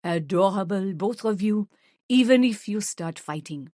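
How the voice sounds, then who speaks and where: A woman voicing an older, white-haired gentleman who is gallant and good-humoured, in an audiobook. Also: medium pitch, animated, measured pace, dry recording, clean studio sound, natural voice.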